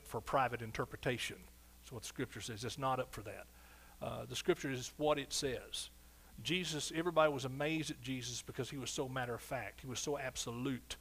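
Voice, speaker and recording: A man's voice: medium pitch, a bit bright, breathy edge. A man preaching a sermon emphatically, often asking the congregation for response. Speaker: pastor.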